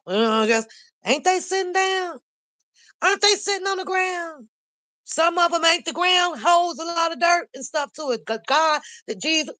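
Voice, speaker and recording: An older woman rants on a casual live stream, blunt and profane, her speech bursting with animation. Her voice sits a little high and comes through close and dry, with no room sound around it. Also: fairly bright tone, no room sound. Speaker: commentary channel host.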